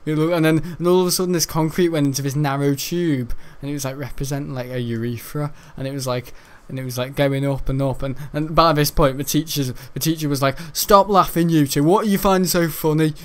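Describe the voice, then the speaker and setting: A man's voice: mid-range voice, steady tone, quick pace, few pauses. A young man telling a school story while gaming, laughing often and tripping over his words. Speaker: gaming streamer.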